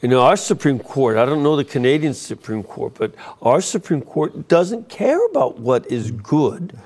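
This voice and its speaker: Animated male talk host. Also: medium pitch, moderate pace. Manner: animated, cuts in to react. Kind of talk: talk-show interview.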